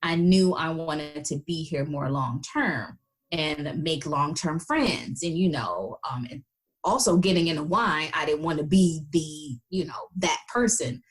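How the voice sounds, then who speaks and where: American woman, lowish voice, chatty, filler-heavy, interview guest. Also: a little slow. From United States. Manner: chatty, many fillers, acts out quoted voices. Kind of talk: casual interview chat.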